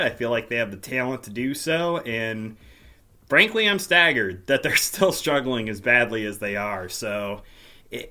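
Hoarse, raspy man hosting a podcast. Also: medium pitch, bright, forceful tone. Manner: wry, self-deprecating humor. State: hoarse, voice giving out. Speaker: podcast host. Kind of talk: casual solo podcast wrap-up.

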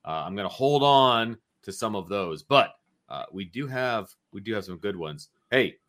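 A man hosting a casual sports talk podcast, energetic and chatty, telling stories with animation. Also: on the low side, normal speed. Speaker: podcast host.

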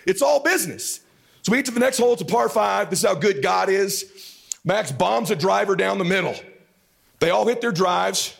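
Animated raspy man with a gravelly voice. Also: sits high, normal speed. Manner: animated, swears freely, bursts into shouting. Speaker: father telling a story. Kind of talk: excited storytelling.

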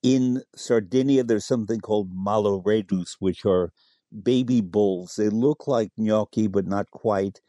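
A man's voice: lowish voice, measured pace, dark tone, dry recording. A middle-aged man, a food expert guest in a radio interview, who talks animatedly, relishes words and spells out the names of dishes. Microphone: studio microphone.

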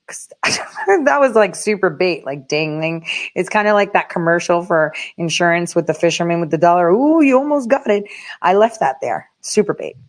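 A woman vlogger giving casual, animated commentary, often laughing and incredulous. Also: lowish voice.

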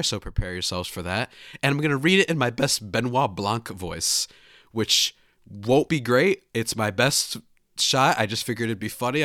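A man hosting a casual podcast, talking in an animated, chatty way with frequent restarts on a close mic. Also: medium pitch, dry recording. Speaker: podcast host.

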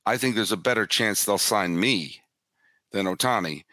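A man guesting on a sports podcast, talking in an animated way and often repeating words as he builds his points. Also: on the low side, moderate pace, no room sound, studio quality. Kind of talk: casual sports podcast chat.

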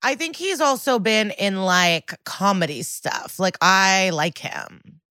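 A woman chats on a podcast in a mid-range voice. She speaks her mind with energy and a steady stream of "like". The sound is close and dry. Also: mid-range voice, slow, dry recording. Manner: opinionated, animated, frequent "like". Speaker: podcast co-host. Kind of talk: casual chat.

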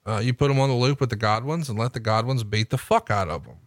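A man's voice: medium pitch, no room sound, clean studio sound. A man with a Southern US accent hosting a podcast, firing off profane questions in casual chat. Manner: profane, rapid-fire questioning. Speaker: podcast host.

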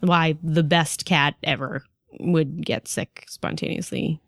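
Animated woman chatting on a podcast. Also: low voice, slow, vocal fry, no echo, studio quality. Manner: animated storytelling, swearing, acts out quotes. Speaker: podcast co-host. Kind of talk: casual chat.

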